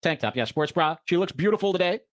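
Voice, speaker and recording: A man hosting a podcast who reacts to clips with sarcastic, mocking commentary. His voice sits fairly high and swings widely in pitch. He tells animated stories and mimics the people he talks about. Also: quick pace. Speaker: podcast host.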